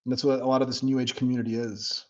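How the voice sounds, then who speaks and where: A man's voice: mid-range voice, very fast, highs cut off. Blunt, profane man livestreaming. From United States. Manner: blunt, profane, animated, mocking. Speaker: livestream host. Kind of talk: casual livestream chat reading comments.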